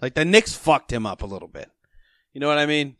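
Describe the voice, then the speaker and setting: A man trades jokes and curses in casual sports talk. His voice sits high and swings widely in pitch, recorded close and dry. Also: fairly quick, dry recording. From South Shore of Massachusetts. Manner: swearing, joking, lively banter. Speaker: podcast co-host.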